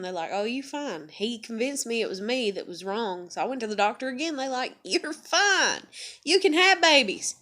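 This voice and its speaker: A young woman telling a personal story in a rambling, candid vlog, swearing freely and full of fillers. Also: mid-range voice. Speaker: vlogger. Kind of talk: confessional vlog monologue.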